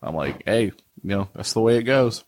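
A man co-hosting a podcast, telling stories in a relaxed, chatty way. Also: lowish voice, normal speed, no echo. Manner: relaxed, chatty storyteller who laughs easily. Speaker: podcast co-host. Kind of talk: casual chat.

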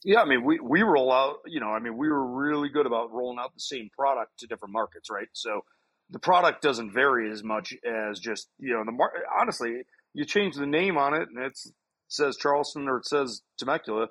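Husky man talking plainly on a podcast. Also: mid-range voice, brisk, fairly bright tone. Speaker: tour operator, podcast co-host. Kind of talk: casual podcast talk.

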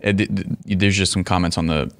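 A man co-hosting a casual livestream, reading viewer comments in a relaxed, slightly hesitant way. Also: low voice, fast. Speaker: co-host reading live chat. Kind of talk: casual live-stream chat.

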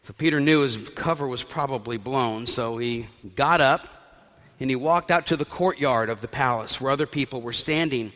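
A man preaching a sermon, retelling a story with lively asides and acted-out voices of the people in it. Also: medium pitch, normal speed. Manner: animated storyteller acting out quoted voices. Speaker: pastor. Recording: long hall reverb.

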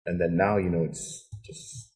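Male co-host, husky and low, lively storyteller who slips into quoted voices. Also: a little slow. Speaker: podcast co-host and teacher. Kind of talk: casual chat, storytelling.

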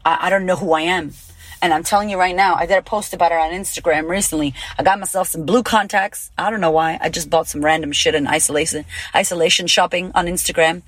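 A woman's voice: fairly low pitch, fairly even intonation, fast, no echo. A woman in her thirties hosting a podcast, giving a casual motivational talk in a blunt, emphatic way, swearing freely. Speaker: podcast host and confidence coach.

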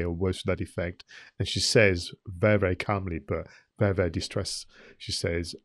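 Low-voiced man, dry sound. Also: steady tone, dry recording. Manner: measured, with many ums and uhs. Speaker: podcast co-host. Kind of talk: casual film review chat.

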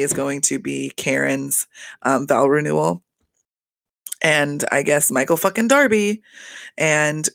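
A man's voice: fairly high pitch, gravelly, a bit bright, no echo. A man giving a casual, gossipy recap of a reality TV episode, swearing a lot, laughing often and acting out the cast's lines. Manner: acts out the cast's lines in exaggerated voices.

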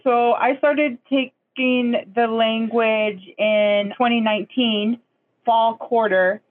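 A woman from the Pacific Northwest, a guest language student, giving a formal, ceremonial self-introduction in a measured manner. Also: a little high, fairly even intonation. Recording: tinny phone-like line.

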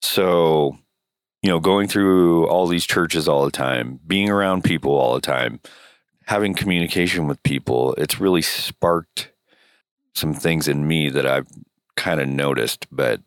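A man with a cold and a hoarse voice, co-hosting a podcast in casual, rambling, joking chat. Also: very deep voice, measured pace, no echo, studio quality. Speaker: podcast co-host.

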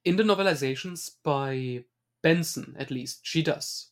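A man's voice: fairly high pitch, measured pace. A man co-hosting a podcast, chatty, with hesitant restarts in a casual film discussion. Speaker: podcast co-host.

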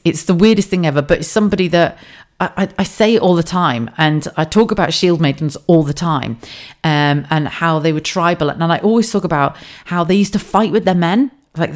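A woman with an English accent hosting a casual solo podcast from a home office, chatty and laughing, swearing freely. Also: low voice. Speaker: podcast host.

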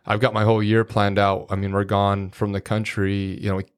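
A man's voice: lowish voice, monotone, brisk, clear, resonant tone. A middle-aged man, a podcast guest, telling rambling, folksy anecdotes full of quoted dialogue in a casual way. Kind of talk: casual storytelling.

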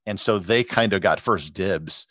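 A middle-aged man with a somewhat low voice talks through his ideas in a relaxed, explanatory way, often pausing on fillers. The sound is dry and close, with no room echo. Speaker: podcast host and travel photographer. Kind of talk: conversational interview answers.

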